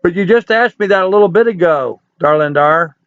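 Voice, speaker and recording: A man's voice: sits high, brisk, fairly bright tone, smooth, dry recording, highs cut off. A man in his sixties hosting a casual livestream, reading viewer comments and answering in a folksy, joking, chatty way. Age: 60s. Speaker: livestream host.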